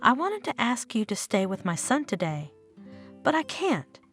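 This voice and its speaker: A woman's voice: on the high side, sing-song, normal speed, a bit bright, soft background music. A woman reading the lines of an anxious, emotional young mother in a story.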